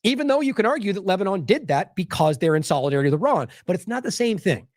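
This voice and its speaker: Male commentator, fairly high voice with wide swings, sarcastic, dry close mic. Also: fast talker, no room sound. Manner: animated, sarcastic, mocks quotes in exaggerated voices; talks in bursts with restarts while scrolling sources. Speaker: independent news commentator. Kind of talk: solo news commentary.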